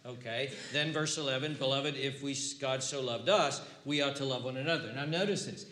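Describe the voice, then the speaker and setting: A man's voice: mid-range voice, a little fast, hardly any pauses, a bit bright. An older man preaching a sermon as pastor, repeating words as he restarts and building to emphatic peaks. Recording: roomy echo with faint ambience.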